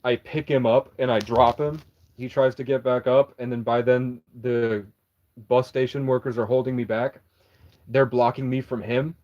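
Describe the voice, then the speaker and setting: At a moderate pace and in a steady, medium-pitched voice, a young man who vlogs tells a rambling, casual story. He curses freely and jumps back to correct himself, and the recording sounds dull and lo-fi.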